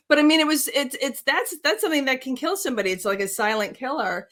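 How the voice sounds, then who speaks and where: A woman's voice: high voice, fast talker, fairly bright tone. A woman hosting an interview, speaking expressively and emphatically, often laughing as she talks. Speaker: host. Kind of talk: casual interview talk.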